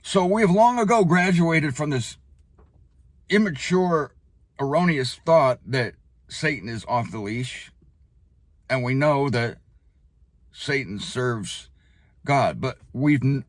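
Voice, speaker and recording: A man giving spoken Bible teaching in an emphatic way, slowing down hard on key phrases and leaping up for emphasis. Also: no room sound. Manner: animated, leaps up in pitch for emphasis.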